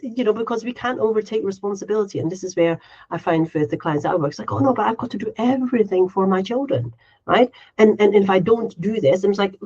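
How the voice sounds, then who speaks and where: With a warm, mid-range voice and a breathy edge, she co-hosts a laid-back podcast conversation, though the top end of the audio is cut off. Her chatter runs continuously, she checks in with "right?", and she dramatizes her own thoughts in quoted snippets.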